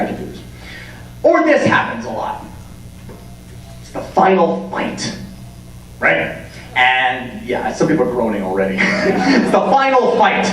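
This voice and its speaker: A man in his thirties giving a comic, animated talk on writing as a convention panelist, acting out scenes as he goes. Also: on the high side, gravelly. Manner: animated, jokey, acts out scenes. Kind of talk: comedic lecture. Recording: echoey hall, distant mic, hum.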